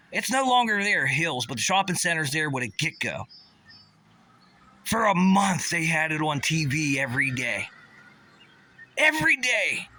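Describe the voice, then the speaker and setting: A man's voice: a little high, pushed and bright. A man from the Pittsburgh area, delivering an agitated, sarcastic, profane rant and stumbling over his restarts. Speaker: vlogger.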